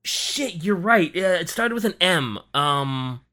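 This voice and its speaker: A co-host on a casual book-discussion podcast, chatty and lively, laughing and swearing casually. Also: medium pitch, slow.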